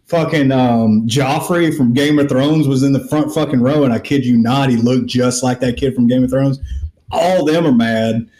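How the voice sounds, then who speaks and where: A man's voice: mid-range voice, normal speed, echoey room. A man, hosting a casual podcast chat and telling a long story with acted-out quotes and plenty of swearing. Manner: animated, profane storyteller who acts out quotes. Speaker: podcast host.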